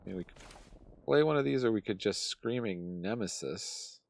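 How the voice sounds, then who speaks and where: Deep gravelly man muttering through gameplay. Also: lively intonation, normal speed. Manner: muttering thoughts aloud while playing. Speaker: gameplay commentator and channel host. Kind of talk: casual gameplay commentary.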